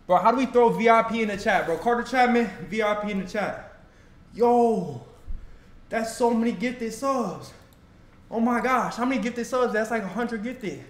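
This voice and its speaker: A young man reacting live to a video, excitable and out of breath, talking straight to his chat. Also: very high-pitched, reverberant. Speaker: livestream reactor.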